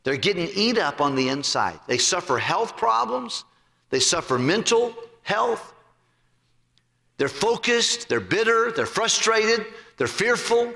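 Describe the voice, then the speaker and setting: In a church sanctuary with long reverb, a pastor preaches a sermon, telling a parable as animated storytelling and acting out its voices. His voice sits high, with vocal fry and a measured pace.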